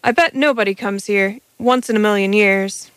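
A woman's voice: medium pitch, normal speed, fairly bright tone, smooth, no echo, close to an everyday voice. A woman voicing a callous male alien hunter who talks dismissively and with contempt. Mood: scornful.

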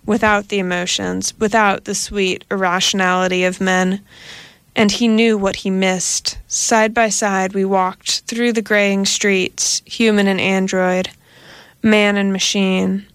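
A woman reading a science fiction story aloud as an audiobook narrator, in a slow, measured storytelling manner. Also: mid-range voice, flat delivery, a bit bright, smooth, no echo.

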